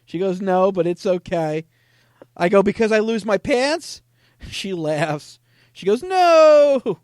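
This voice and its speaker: A man hosting a podcast, casually retelling chat conversations with a deadpan, joking manner. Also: sits high, a little slow, dry recording, studio quality. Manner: deadpan retelling, frequent "I go, she goes". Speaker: podcast host reading scam chats.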